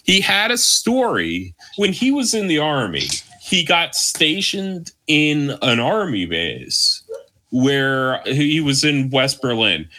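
Animated, bright-voiced man telling a rambling story. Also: fairly high pitch, slow, a little hiss or hum. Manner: rambling, profane, lots of fillers. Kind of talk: casual storytelling chat.

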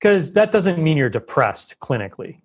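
A man on a podcast explaining health ideas at length, lively and talkative, often acting out quoted voices. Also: a little high, normal speed, slightly rough. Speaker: guest expert on holistic health. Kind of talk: conversational podcast interview.

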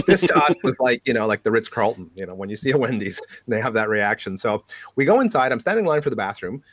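Animated Canadian man telling road stories. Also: medium pitch, fast. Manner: animated storyteller, laughs often. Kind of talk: casual chat.

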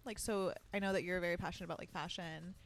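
A woman's voice: lowish voice, fairly even intonation, fast talker, soft background music. A young woman hosting a casual podcast, bubbly and full of fillers and casual swearing, with a sleepy voice. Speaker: podcast host. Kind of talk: casual chat. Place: at home, sitting on the floor.

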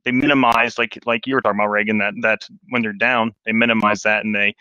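A man talking casually on a Christian podcast, animated and telling stories with acted-out quotes. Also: on the low side, quick pace, clear, resonant tone, no room sound, muffled recording. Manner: animated storyteller, acts out quotes.

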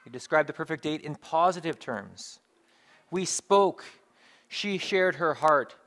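A man with a somewhat raised speaking pitch, delivering a sermon in a plain, talking-to-you manner. He builds his points by repeating phrases with emphasis, one after another. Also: lively intonation, unhurried, fairly bright tone. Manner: conversational, builds through emphatic repetition. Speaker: pastor.

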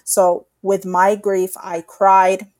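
A woman's voice: mid-range voice, flat delivery, slow pace, darkish tone, no room sound. A woman in her thirties, co-hosting a podcast, telling her story with feeling and acting out what others said to her. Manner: emotional storytelling, acts out other people's remarks. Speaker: podcast co-host. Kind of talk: candid personal conversation.

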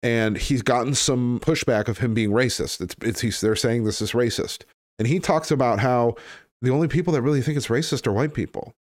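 A man's voice: mid-range voice, brisk, dry recording, studio quality. A man hosting a podcast in casual chat, rambling and blunt, with frequent fillers and swearing. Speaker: podcast host.

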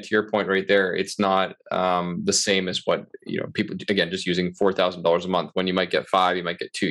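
A man co-hosting a podcast as a mortgage broker, talking in a chatty, energetic way and wrapping up with a sales-minded sign-off. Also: low voice. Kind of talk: casual podcast talk.

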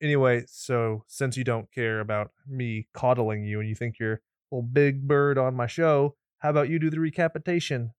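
A man's voice: medium pitch, steady tone, moderate pace, few pauses, clear, resonant tone, dry recording. Sarcastic man hosting a movie podcast. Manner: sarcastic, teasing, profane. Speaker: podcast co-host. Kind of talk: casual movie recap chat. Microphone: pop filter studio mic.

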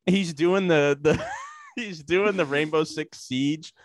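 A man's voice: a little high, slow pace. A man on a casual podcast, telling a long rambling story full of fillers, profanity and sarcastic asides.

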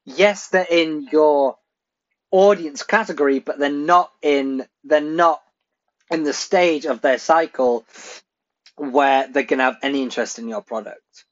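A man's voice: fairly high pitch, unhurried. A man hosting a marketing show, telling a story casually with lots of fillers and frequent laughter. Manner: chatty, laughs often, many fillers. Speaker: marketing podcast host. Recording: slightly dull lo-fi audio.

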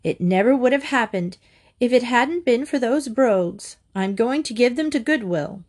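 A woman voicing a flustered, tearful mother in a storybook reading, high and anxious. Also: expressive, normal speed, a little mellow. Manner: wailing and anxious, high-pitched.

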